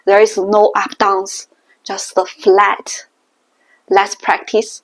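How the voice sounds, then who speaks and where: A woman teaching Mandarin tones in a language lesson, explaining slowly and deliberately. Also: medium pitch, little pitch movement. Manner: slow, deliberate explaining with exaggerated tone demonstrations.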